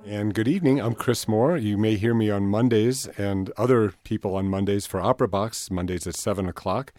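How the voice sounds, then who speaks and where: Guy hosting a live radio show, lowish voice, dry close mic, relaxed and chatty. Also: a little fast, dry recording. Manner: relaxed, conversational, with asides. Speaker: radio host. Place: radio studio.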